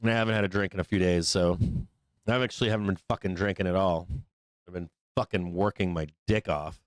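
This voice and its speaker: A man's voice: low voice, steady tone, brisk, no room sound. A man hosting a live stock trading stream, talking loosely and profanely with lots of fillers. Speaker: trading show host. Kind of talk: casual live-stream market commentary.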